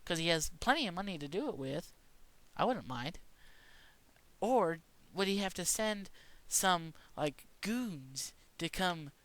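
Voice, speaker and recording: A man's voice: high voice, animated, unhurried, a bit bright, dry recording. A man rambling through a mock-serious conspiracy rant in a casual monologue, stumbling and restarting often. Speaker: vlogger.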